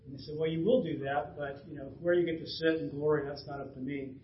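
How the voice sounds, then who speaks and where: A man in his fifties, his voice a little high and steady in tone, preaches fast in a conversational way, chuckling and acting out bits of dialogue. This pastor's sermon was recorded in a church sanctuary with a roomy, distant, dull sound and slight background noise.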